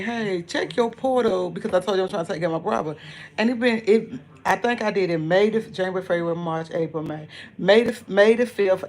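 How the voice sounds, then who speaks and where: Chatty woman hosting a casual live stream. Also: lowish voice. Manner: chatty, greets viewers by name and reads comments aloud; rambling storytelling with many restarts.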